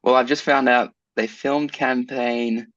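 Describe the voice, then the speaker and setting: A man's voice: mid-range voice, steady tone, a little slow, fairly bright tone, no room sound. A man co-hosting a podcast in casual chat, playful and teasing as he gives out clues. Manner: laid-back, playful, teasing. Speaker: podcast co-host. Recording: dull, dry lo-fi sound.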